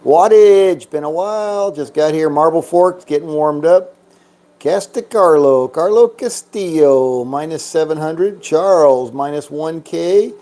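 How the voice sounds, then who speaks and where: A man's voice: fairly high pitch, a little slow, dark tone. A man giving casual, joking commentary while playing a craps game, chatting to himself and counting bets and chips aloud.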